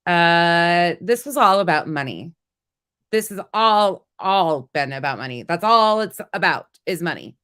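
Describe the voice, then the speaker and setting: Blunt sarcastic female host, a bit under the weather, low-ish voice. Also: expressive, a little slow, fairly bright tone, smooth. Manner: blunt, sarcastic, laughs at her own jokes. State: sick, voice lower than usual. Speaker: commentary host. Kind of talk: casual drama commentary.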